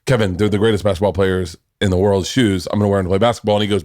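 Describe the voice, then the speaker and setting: A middle-aged man hosting a podcast, telling animated stories in casual chat, swearing freely and laughing as he talks. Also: lowish voice, very fast, few pauses. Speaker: podcast host.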